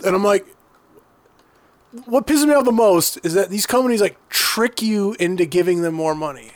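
A man's voice: high-pitched, moderate pace, dry recording. A man co-hosting a casual podcast, ranting heatedly and swearing often. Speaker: podcast co-host.

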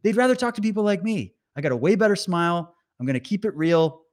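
Animated, ranting man. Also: high-pitched, fast. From Canada. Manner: sarcastic, profane, heated. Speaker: online commentator. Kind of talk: ranting commentary over clips.

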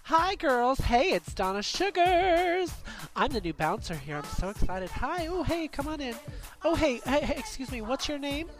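A man's voice: extremely high pitch, big pitch swings, moderate pace, soft background music, exaggerated voice, poor audio. A man voicing a campy, sassy drag queen bouncer who calls everyone darling and swings between sweetness and dramatic outbursts, in an improvised comedy sketch. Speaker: podcast host in character.

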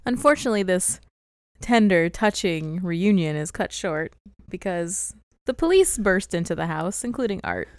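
Woman, lowish voice, podcast co-host, casual recap chat, giggly, dry close recording. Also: lively intonation, moderate pace, dry recording. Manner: giggly, laughs often while recapping.

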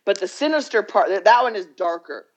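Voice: medium pitch, lively intonation, a little fast, lo-fi sound. A podcast co-host chatting casually, rambling through a story, acting out the quotes and swearing freely. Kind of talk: casual chat, retelling a documentary.

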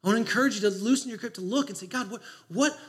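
Pastor guy preaching, quick and chatty, kinda high voice, acts out the story. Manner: animated, conversational storyteller, acts out his own thoughts. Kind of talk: sermon with storytelling.

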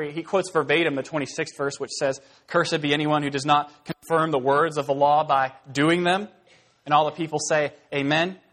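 A man preaching an expository sermon in a casual, conversational way, full of fillers and asides, acting out scenes as he explains. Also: on the high side. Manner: animated storytelling, acting out scenes.

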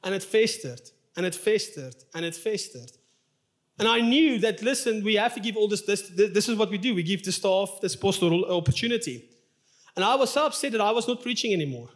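A man's voice: high voice, animated, fast. A male pastor preaching a sermon in a church, telling a personal story in an open, emotional, confessional way.

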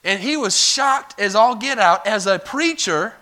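A man's voice: sits high, lively intonation, measured pace, bright, forceful tone. A man preaching a sermon in a church, telling a story in a loose, conversational way and calling for amens. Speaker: pastor. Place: church sanctuary.

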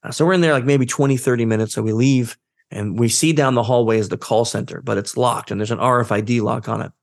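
A man telling a story as a guest in a career interview, acting out the dialogue and jumping up in pitch when he quotes people. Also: fast, creaky. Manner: animated, acts out quoted dialogue with his voice jumping up. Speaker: guest, social engineer.

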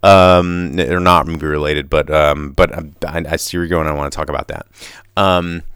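A man's voice: rumbling low, steady tone, moderate pace, fairly bright tone, smooth, dry recording, clean studio sound. A man hosting a solo podcast monologue, rambling passionately with many restarts and tangents. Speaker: podcast host.

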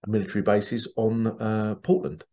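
Rambling man with a low, dull voice. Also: moderate pace. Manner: rambling, animated, with restarts and asides. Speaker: spiritual channel host. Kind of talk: casual storytelling monologue. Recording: dull lo-fi sound.

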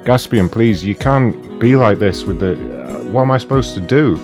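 A man's voice: lowish voice, big pitch swings, normal speed, vocal fry, music in the background. A man playing a flustered customer-service agent in a prank call, stammering and apologizing politely. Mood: flustered, apologetic. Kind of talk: prank call role-play.

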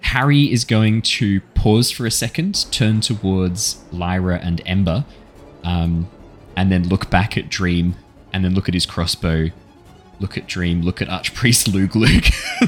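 A man with a deep voice narrating a tabletop game as dungeon master, loose and casual with plenty of fillers. He laughs at his own jokes as he goes, over a faint bed of music. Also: a little slow.

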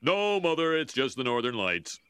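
A man's voice: mid-range voice, sing-song, normal speed, noisy background, close to an everyday voice. A man voicing a fussy, nervous school principal in a cartoon, with a flustered delivery. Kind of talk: cartoon voice acting.

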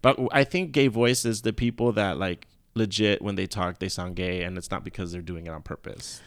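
A man co-hosting a casual podcast chat, blunt and quick to laugh. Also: low voice, no room sound, clean studio sound. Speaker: podcast co-host.

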